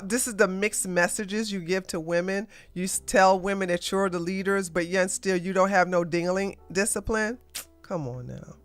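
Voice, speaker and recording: Blunt, ranting woman host with a crisp voice. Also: medium pitch, fairly bright tone. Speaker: podcast host. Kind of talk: casual livestream political commentary.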